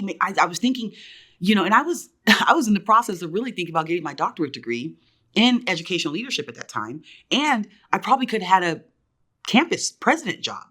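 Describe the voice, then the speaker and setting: A woman's voice: mid-range voice, very animated, fast, a bit bright, breathy edge. A woman around forty, a business owner, telling her story as a guest in a podcast interview and acting out the voices of people she quotes.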